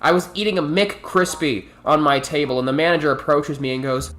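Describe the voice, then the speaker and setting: A man's voice: a little high, brisk, hardly any pauses, fairly bright tone. A man telling a personal story in a profane, rambling storytime monologue. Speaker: storytelling vlogger.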